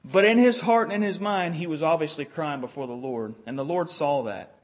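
Earnest high-voiced male preacher. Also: brisk. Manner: earnest, repetitive restarts, quotes prayers in character. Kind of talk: sermon.

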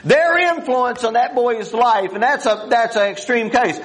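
A man's voice: extremely high pitch, unhurried, fairly bright tone, poor audio. An older man preaching a sermon in a folksy, rambling way, full of restarts and plain country grammar.

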